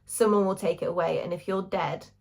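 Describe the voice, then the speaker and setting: A woman's voice: on the low side, steady tone, brisk. A woman reading as a guarded young woman confessing love. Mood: hushed confession. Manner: soft, hushed and earnest.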